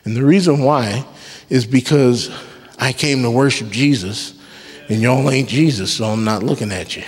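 Faint music plays behind a man's medium-pitched, breathy-edged voice as he preaches at normal speed. He is a worship leader in a church sanctuary, emphatic and given to call-and-response and casual joking, with long hall reverb on the recording.

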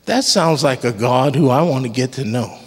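With a husky, medium-pitched voice at a normal pace, a man delivers an emphatic sermon full of call-and-response and offhand jokes. He is a worship leader in a church sanctuary, and the hall's long reverb lingers on every line.

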